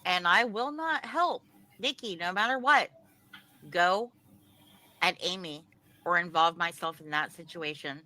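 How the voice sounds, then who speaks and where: A woman's voice: on the low side, bright, forceful tone, low-quality recording. A woman hosting a live stream, speaking firmly and emphatically. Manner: firm, emphatic, deliberate. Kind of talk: firm live-stream talk.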